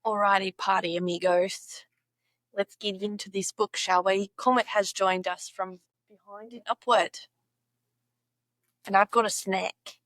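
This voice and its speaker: A woman's voice: medium pitch, a bit bright, dry recording. A young woman vlogging at home in a goofy, playful way, repeating slang words over and over and giggling at her own tries. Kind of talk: playful casual vlog, practising slang.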